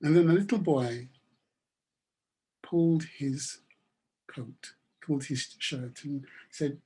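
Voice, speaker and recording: Man, webinar speaker, storytelling, emphatic, husky voice. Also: on the high side, dark tone. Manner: repetitive, emphatic, unhurried. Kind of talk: storytelling talk.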